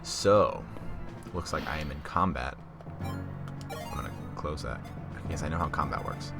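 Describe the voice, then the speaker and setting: Over game music, a young man in his late teens gives casual gameplay commentary, reading on-screen text and joking at his own expense with frequent giggles. His voice is extremely low with vocal fry, at a measured pace.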